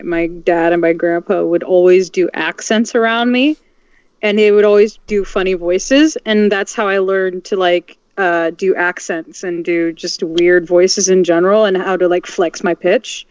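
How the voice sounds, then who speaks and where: A woman chatting casually on a livestream in a relaxed, easygoing way. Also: on the low side, moderate pace, clean tone. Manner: relaxed, chatty, laughs easily. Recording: dry, slightly dull mic.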